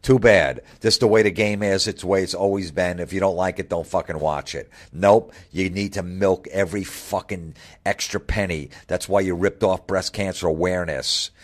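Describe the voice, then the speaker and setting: A man's voice: low voice, steady tone, normal speed, hardly any pauses. A middle-aged man hosting a comedy podcast, ranting bluntly and swearing constantly. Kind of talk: profane comedic rant.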